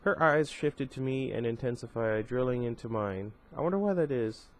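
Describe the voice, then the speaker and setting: Man, amateur audiobook reader, first-person novel, middle pitch, occasional stumbles. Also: moderate pace. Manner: steady reading with occasional stumbles and asides.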